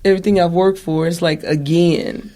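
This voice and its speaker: A male interviewer with a high voice and a gravelly, fry-laden texture. He chimes in briefly and echoes his guest's words back in a conversational way. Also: steady tone, moderate pace, warm tone. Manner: short reactions, echoes the guest.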